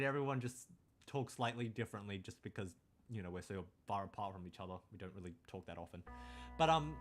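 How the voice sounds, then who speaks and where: A man's voice: mid-range voice, fairly bright tone. Rambling young Australian man. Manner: rambling, drifts into tangents, swears casually. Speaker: streamer. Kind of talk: casual late-night chat.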